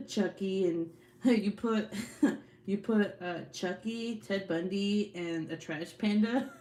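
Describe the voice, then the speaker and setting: A woman's voice: mid-range voice, a little mellow. A mother chatting casually with her viewers, joking about her kids, laughing often and swearing freely in slangy talk. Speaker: livestream host chatting with viewers; mother of several young kids. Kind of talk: casual chat.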